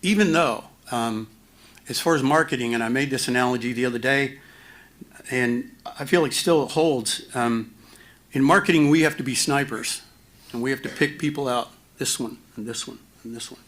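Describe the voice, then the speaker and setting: Halting man presenting finances. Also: mid-range voice, fairly bright tone. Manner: halting, many fillers and restarts; dry self-mocking humor. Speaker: finance officer at a town hall. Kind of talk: presenting slides at a town hall.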